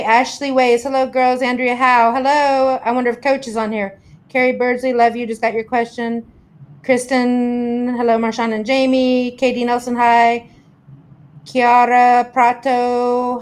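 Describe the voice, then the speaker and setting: A woman hosting a casual live stream, chattily greeting viewers by name and reading their questions. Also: on the high side. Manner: warm greetings, chatty, rambling. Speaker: host reading viewer comments.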